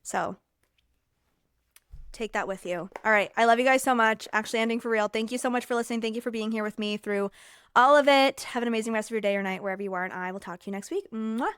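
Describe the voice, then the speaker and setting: A woman's voice: on the high side, fast talker, fairly bright tone, smooth, dry recording. A woman hosting her own podcast, talking casually and reflectively to listeners, upbeat and full of "like" fillers. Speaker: podcast host. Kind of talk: casual solo podcast monologue.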